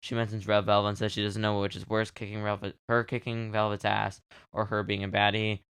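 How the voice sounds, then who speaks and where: A man co-hosting a podcast, recapping matches in loose, rambling casual chat that is full of jokes. His voice is gravelly yet smooth and resonant, sitting a little low. The close mic sounds dry, with no room in it. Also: completely flat delivery, fairly bright tone, no echo. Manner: rambling, joking, quick to laugh. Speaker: podcast co-host.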